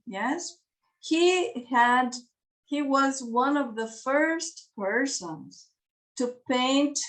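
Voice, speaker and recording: A woman gives a slow, careful English lesson to beginners, repeating simple words and laughing between them. Her voice sits fairly high and is picked up from a little distance. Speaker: English teacher. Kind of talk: slow classroom explanation to beginners.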